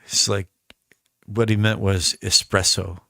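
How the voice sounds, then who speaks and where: An American man tells meandering stories during a live stream, circling back and restarting his sentences as he goes. His voice has a bright, forward edge. The sound is dry and close, with no room around it. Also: fairly low pitch, little pitch movement, a little slow, gravelly, no room sound. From United States. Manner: rambling, chatty storytelling with many restarts. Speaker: musician streaming a recording session. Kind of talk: casual live-stream chat.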